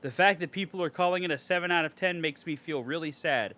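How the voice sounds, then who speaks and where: Bright-voiced man ranting sarcastically. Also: on the high side, quick pace. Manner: reads a review aloud and rants at it with sarcastic, profane outbursts. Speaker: podcast co-host. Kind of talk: casual podcast movie review.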